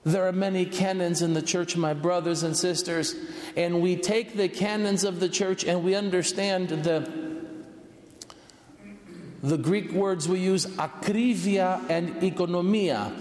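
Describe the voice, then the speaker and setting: A man preaching a sermon to his congregation in a large church, slow and earnest, rising for emphasis. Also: sits high, fairly even intonation, darkish tone. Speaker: priest. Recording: echoey church from a distance.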